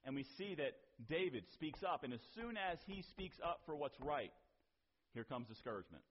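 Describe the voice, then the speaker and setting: A man's voice: on the high side, very animated, normal speed. A man preaching a sermon as pastor, in a conversational way with asides and rhetorical questions, on a dull lo-fi recording.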